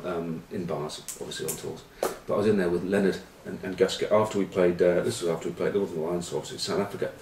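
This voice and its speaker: A very low-voiced man ambles through rugby tales as a pundit, padding them with ums and dry banter. He sits back from the mic in a roomy, echoing space. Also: darkish tone, recorded from a distance, a little hiss or hum. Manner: rambling storyteller, full of ums and uhs, dry banter. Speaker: rugby pundit, former player. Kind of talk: casual rambling rugby chat with anecdotes.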